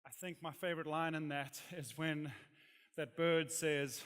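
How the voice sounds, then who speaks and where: A man with a South African accent preaching a sermon, earnest and emphatic, rising to strong peaks and dropping to soft asides. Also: a little high, level tone, a little slow, smooth. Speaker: pastor. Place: church hall. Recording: hall reverb from a church.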